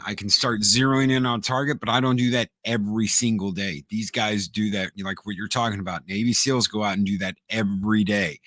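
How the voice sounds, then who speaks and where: A man co-hosting a casual podcast chat, an animated storyteller who repeats words and acts out quotes. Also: fairly low pitch, no echo, clean studio sound. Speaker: podcast co-host.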